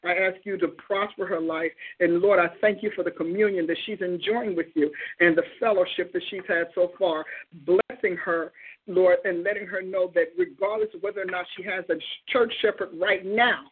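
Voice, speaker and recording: A woman's voice: fairly low pitch, fairly even intonation, normal speed, husky. A woman hosting a call-in show, praying fervently in flowing, repeated phrases. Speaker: radio show host and prophet. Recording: tinny phone line.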